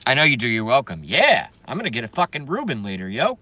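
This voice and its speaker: A man ranting angrily and profanely while reading viewer comments, swinging between yelling and mumbling. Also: mid-range voice, huge pitch swings, fast talker, dry recording. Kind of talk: angry political rant and comment reading.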